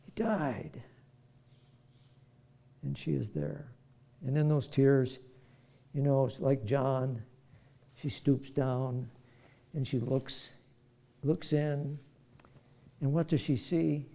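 Male pastor with a warm, mellow tone and a conversational, reflective sermon delivery. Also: medium pitch, fairly even intonation, slow pace, vocal fry, pauses often. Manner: conversational, reflective, thinking aloud with restarts.

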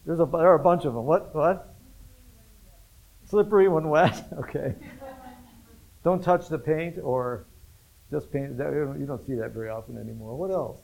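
Chatty pastor man, slightly high voice. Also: moderate pace, creaky, pauses often, darkish tone, low-quality recording. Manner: conversational, asks the congregation questions, chuckles often. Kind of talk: interactive sermon.

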